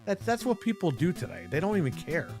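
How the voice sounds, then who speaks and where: A man's voice: fairly high pitch, wildly swooping pitch, fast talker, music in the background. A man hosting a casual livestream show, ranting bluntly and mockingly with plenty of swearing. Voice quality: profane, blunt. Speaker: podcast host.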